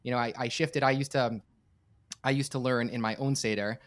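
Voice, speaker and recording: An earnest American man, appearing as a podcast guest, quickly shares a personal story with heartfelt conviction, often restarting phrases. He's a campus director and startup coach, and his voice stays at an ordinary middle pitch with a steady tone.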